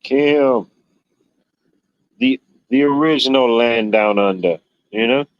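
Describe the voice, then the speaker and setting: A man's voice: medium pitch, takes it slowly, smooth, no room sound, muffled recording. A man hosting a livestream, chatting casually, rambling and joking with viewers. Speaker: livestream host. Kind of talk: casual chat reading viewer comments.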